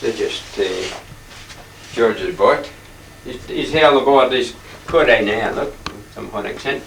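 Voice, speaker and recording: An older man talks his halting, wandering way through his paintings, often clearing his throat. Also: mid-range voice. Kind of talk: rambling casual reminiscence. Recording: echoey room, distant mic, faint hiss.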